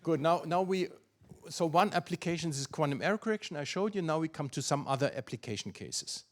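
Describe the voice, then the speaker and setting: An older man with a German accent lectures on physics, pitched a bit high for a man. He thinks aloud as he goes, with fillers, restarts and quick asides to the audience. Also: lively intonation. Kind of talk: academic lecture.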